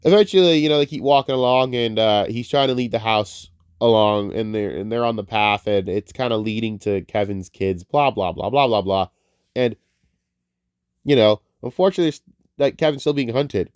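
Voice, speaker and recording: A man's voice: lowish voice, moderate pace, clean tone, no room sound. Guy getting over a cold ranting about a movie, swears a lot, goes off on tangents, dry close sound. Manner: profane, rambling, excitable. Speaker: movie reviewer. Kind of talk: casual spoken film review.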